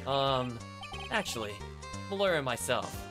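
A man's voice: medium pitch, very animated, measured pace. A man voicing an earnest, flustered young male lawyer in plain replies over game music.

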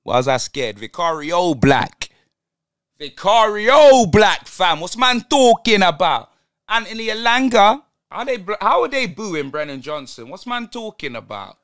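An excitable young man reacting live to a football match, peppering every line with street slang. His voice sits high and swings widely in pitch. The tone is bright and dry. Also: normal speed, no room sound. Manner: excitable, slang-heavy banter. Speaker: football fan channel host.

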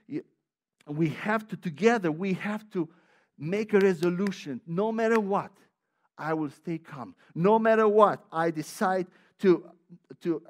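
A man's voice: high voice, darkish tone. A man preaching a sermon as a pastor. He talks with heavy emphasis and repetition, often restarting his sentences, and mixes in personal asides with light laughter.

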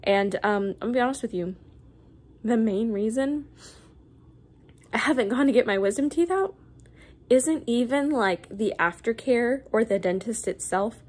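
A woman's voice: on the high side, normal speed, pauses often, a little mellow. A young woman vlogger telling a personal story in a casual, rambling way, with many fillers and restarts.

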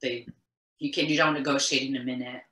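A woman's voice: very deep voice, steady tone, brisk, a bit bright. A middle-aged woman from Quebec, a guest in an interview, recounting events earnestly and insistently, often circling back and restarting her sentences. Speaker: interview guest, mother of the deceased. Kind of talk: emotional recounting in conversation. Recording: echoey room.

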